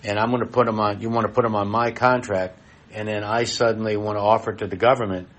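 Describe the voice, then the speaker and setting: A middle-aged man with a lowish voice presents at a live expo. He talks in a blunt, folksy way and speaks directly to the people in the room. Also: flat delivery, quick pace, a bit bright.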